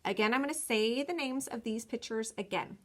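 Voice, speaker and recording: A woman teacher recording a lesson for kindergarten children, sounding words out slowly and clearly and giving step-by-step instructions. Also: a little high, animated. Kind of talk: recorded remote phonics lesson.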